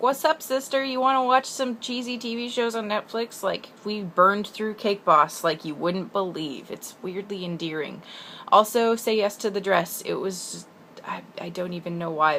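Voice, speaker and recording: A young woman from the Pacific Northwest rambling in a casual video letter to her sister, chatty and self-deprecating with quick asides. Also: on the low side, sharp tone, a little hiss or hum. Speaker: vlogger.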